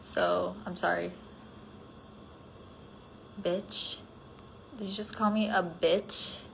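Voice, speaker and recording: A tired woman chats on a solo phone livestream, responding to fan comments in a rambling way filled with "like" and wandering thoughts, sometimes dropping to a soft near-whisper. She has a creaky, medium-pitched voice with a steady tone and measured pace, plus slight background noise.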